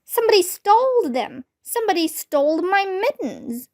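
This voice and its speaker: A woman voicing an excitable, loud little kindergarten girl who shouts and squeals. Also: high-pitched, measured pace. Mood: excited.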